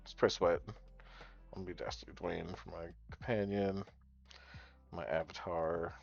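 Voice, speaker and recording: A man streams a card game, chatting loosely and rambling with his viewers while swearing freely. His gravelly voice is low, steady, and measured. The stream audio sounds dull and lo-fi, with faint music behind him.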